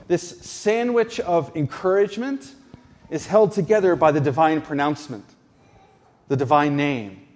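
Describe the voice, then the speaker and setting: A man preaching a sermon as pastor, slow and deliberate, leaning on emphatic repetition. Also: on the high side, expressive, darkish tone, big-room sound.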